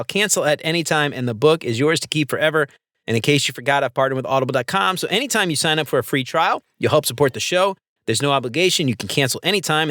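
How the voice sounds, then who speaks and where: A man's voice: a little high, a bit bright, no echo, clean studio sound. A man hosting a podcast, reading an upbeat outro with sponsor plugs and speaking straight to his listeners. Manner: upbeat, promotional, addresses listeners directly. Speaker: podcast host. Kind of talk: scripted show outro with sponsor reads.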